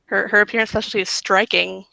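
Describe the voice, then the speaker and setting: Woman at the game table, bright voice with some fry, dry close sound. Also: mid-range voice, little pitch movement, quick pace, rough recording. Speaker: player. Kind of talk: casual tabletop chat.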